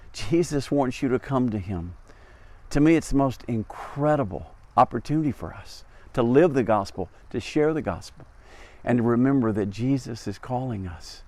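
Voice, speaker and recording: Middle-aged man from Arkansas, pastor, earnest outdoor sermon, soft intense emphasis, mid-pitched voice, dry sound. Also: normal speed, no room sound. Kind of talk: devotional sermon. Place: outdoors by a busy road.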